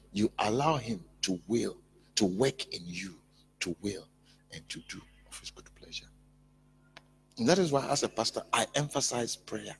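A male pastor preaching a sermon in an emphatic, repetitive way, building up to loud peaks. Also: fairly low pitch, creaky, breathy edge.

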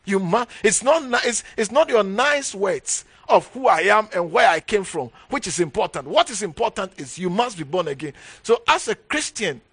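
A male bishop delivers an emphatic sermon, driving home each point by repeating it and punctuating it with hallelujah. His voice sits high for a man. The recording is dry and close, with no room echo. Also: animated, normal speed, hardly any pauses, fairly bright tone, breathy edge. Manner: emphatic, repeats key phrases, frequent hallelujahs. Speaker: bishop preaching.

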